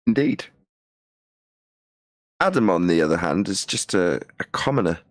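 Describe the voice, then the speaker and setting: A man with a mild Midlands accent chats easily on a podcast, laughing between his points. His voice sits low, and the sound is close and dry. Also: very animated, normal speed, no echo. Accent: mild English Midlands. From England. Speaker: podcast co-host. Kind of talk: casual chat.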